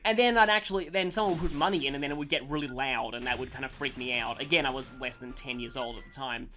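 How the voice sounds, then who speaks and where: A man's voice: medium pitch, fast, pushed and bright, a little hiss or hum. A man casually commenting on a video game he is playing, telling a rambling, self-deprecating childhood story and breaking off to react to the action. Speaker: gaming channel host. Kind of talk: let's play commentary with storytelling. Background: game music.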